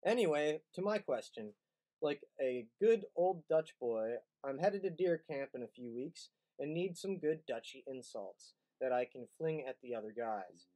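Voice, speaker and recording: A man's voice: mid-range voice, animated, measured pace, mellow, low-quality recording. A man hosting a show, reading a viewer's letter aloud and joking in casual comedic banter. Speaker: host.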